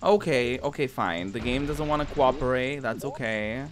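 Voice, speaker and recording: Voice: mid-range voice, expressive, normal speed, noisy background. A streamer giving casual live commentary while playing a video game, exclaiming, laughing and swearing at the game. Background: game music.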